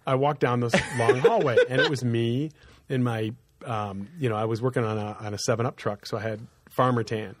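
A man's voice: mid-range voice, fairly even intonation, fairly quick, dry recording. A middle-aged man in casual chat, telling rambling anecdotes and often laughing as he talks.

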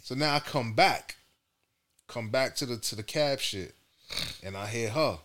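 A man's voice: mid-range voice, unhurried. A man on a casual podcast, telling a story and acting out the voices in it. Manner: animated storyteller acting out quotes in raised voices. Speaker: podcast co-host.

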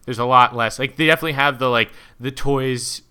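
Bright, smooth-voiced man chatting about films. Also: medium pitch, fairly even intonation, fairly quick. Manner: rambling, filler-heavy, chuckling. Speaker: podcast co-host. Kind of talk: casual film discussion.

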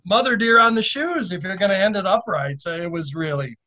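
A man with a notably high voice, a guest on a podcast, telling a funny story and laughing through it. His audio sounds dull and lo-fi. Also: lively intonation, fairly quick, bright, forceful tone. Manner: amused, laughing while recounting. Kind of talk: casual storytelling.

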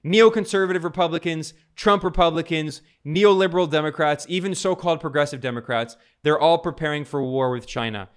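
A man's voice: on the high side, a little fast, hardly any pauses, smooth. A man delivering an emphatic political commentary monologue, piling up long lists of charged words.

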